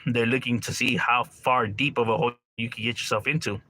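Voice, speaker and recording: A male streamer chats casually with his audience while reading chat, rambling in slang and calling people "bro" and "homie." He swears freely and laughs often. He talks briskly at medium pitch, with fairly even intonation and a sharp tone.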